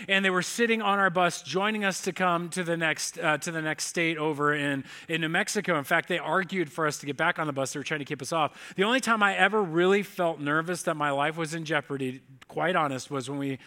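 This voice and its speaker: Male pastor, sermon, chatty storyteller, high bright voice, talks straight to the congregation. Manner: conversational storytelling, addresses the congregation directly.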